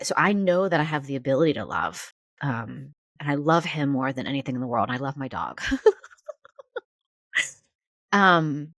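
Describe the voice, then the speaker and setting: A low-pitched woman talks slowly through her feelings, stopping and restarting as she searches for words. She sounds close to tears. The recording is dry and close, with no room sound. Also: animated, fairly bright tone, no echo. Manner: halting, searching, many restarts. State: near tears. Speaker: podcast host and counselor. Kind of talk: reflective therapy conversation.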